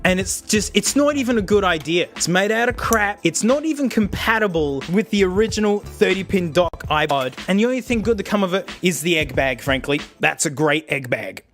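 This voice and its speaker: A young Australian man giving excitable, jokey commentary while showing old gadgets. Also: high voice, fairly quick, hardly any pauses, soft background music. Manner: excitable, jokey, bursts into laughter. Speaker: tech reviewer. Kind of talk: casual video commentary.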